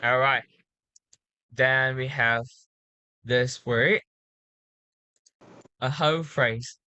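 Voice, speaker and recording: A woman tutoring English pronunciation, patiently drilling words slowly and repeating them. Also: very deep voice, fairly even intonation, bright, forceful tone, dry recording, dull audio. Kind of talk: one-on-one pronunciation coaching.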